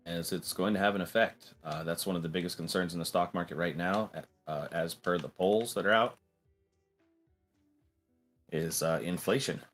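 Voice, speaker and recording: A man hosting a stock trading livestream, explaining things plainly with a relaxed, joking manner. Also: sits low, moderate pace, faint music behind. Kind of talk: casual livestream commentary.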